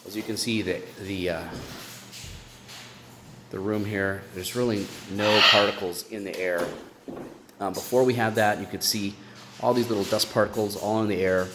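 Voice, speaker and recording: A man walking through the bird room in his house. He gives a casual vlog tour with lots of fillers and restarts, and coos at his birds in high baby talk. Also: steady tone, moderate pace, long pauses. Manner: chatty, with many fillers and restarts. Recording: constant room noise with clicks.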